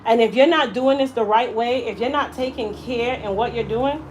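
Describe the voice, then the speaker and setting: A woman's voice: a little high, normal speed, slight background noise, low-quality recording. A woman hairstylist telling a personal story in a casual, emphatic way while working in her salon. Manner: animated, emphatic storyteller who acts out quotes. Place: hair salon.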